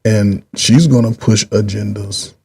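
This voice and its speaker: Middle-aged male host, husky and mellow, loose rambling commentary delivery. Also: on the low side, fairly even intonation. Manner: rambling, repeats himself, drawn-out pauses. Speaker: channel host. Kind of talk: casual political commentary.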